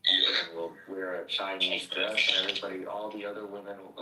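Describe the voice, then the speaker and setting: A young man with a deep, gravelly voice that still cuts through with a bright, sharp edge. He talks in blunt, profane, joking banter. He sounds distant from the mic in a roomy space. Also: steady tone, a little fast, slight background noise. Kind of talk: casual chat.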